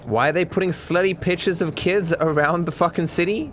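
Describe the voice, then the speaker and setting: A man's voice: sits high, steady tone, brisk, a bit bright, slight background noise. A man with an Australian accent giving joking, sarcastic live commentary while he plays a game, swearing casually. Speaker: streamer.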